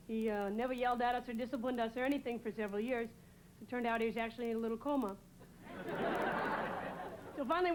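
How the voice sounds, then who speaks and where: A young woman from New England doing a deadpan stand-up set, hesitating with many "uh"s. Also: a little high. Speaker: stand-up comedian. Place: TV studio stage before a live audience. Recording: loud audience laughter and noise.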